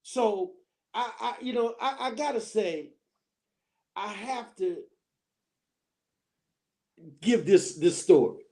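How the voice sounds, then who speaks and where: A middle-aged woman telling a story as a guest on a talk show, animated and laughing as she acts it out. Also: medium pitch, takes it slowly, long pauses. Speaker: guest, former school counselor. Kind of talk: storytelling in casual chat.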